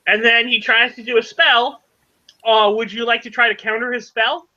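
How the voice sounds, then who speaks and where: A man running a tabletop game as game master, explaining rules haltingly with many fillers. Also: very high-pitched, little pitch movement, sharp tone, muffled recording.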